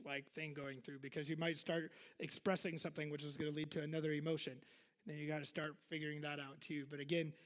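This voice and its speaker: A male pastor with a slightly high voice delivers a casual sermon to his congregation in a large church hall. He's chatty and self-deprecating, with plenty of fillers and asides.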